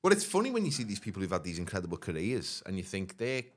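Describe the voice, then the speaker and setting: Brief: male co-host, low voice that swoops up and down, dry playful quips. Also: huge pitch swings, quick pace. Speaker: podcast co-host. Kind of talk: casual pub banter.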